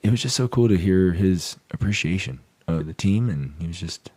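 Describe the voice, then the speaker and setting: A man co-hosting a casual sports podcast, talking in a low, mellow voice. He tells stories excitedly and leans into jokey exaggeration. The sound is dry and close. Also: normal speed, no room sound. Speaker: podcast co-host.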